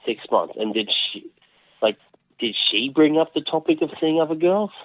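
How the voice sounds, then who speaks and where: A man's voice: on the high side, expressive, normal speed, dry recording. An Australian man who is a guest on a comedy podcast, bantering in a teasing, laid-back way. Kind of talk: casual comedy chat. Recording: slightly dull, lo-fi.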